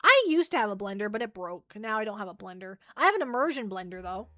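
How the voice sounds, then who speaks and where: A woman's voice: medium pitch, sing-song, quick pace, pushed and bright, no echo, soft background music. A woman hosting a livestream, chatting casually and rambling as she answers viewer questions, often repeating herself and joking at her own expense. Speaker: livestream host.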